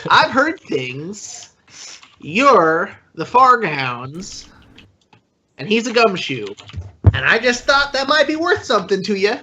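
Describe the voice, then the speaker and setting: A man's voice: high voice, very animated, takes it slowly, sharp tone, highs cut off, slight background noise, voice pushed up, heavily acted. Krisa, a scruffy wheedling thief, put on by a man. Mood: sly, conspiratorial. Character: scruffy pathetic male thief playing businesslike.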